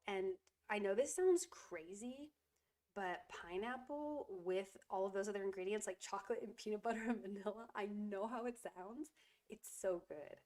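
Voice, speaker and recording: A woman chatting casually while livestreaming resin crafts at home, giggly and apologetic, full of fillers, with a stuffy nose. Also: a little mellow. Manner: high coaxing voice when soothing her cat. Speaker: resin jewelry streamer. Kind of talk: casual live-stream chat.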